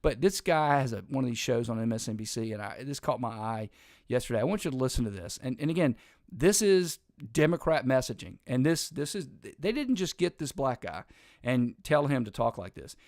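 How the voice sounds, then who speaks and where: A man's voice: medium pitch, lively intonation, fairly quick, a little mellow, no room sound, clean studio sound. A man hosting an opinionated political commentary show, talking emphatically and in a rambling way, with frequent restarts and sarcastic asides.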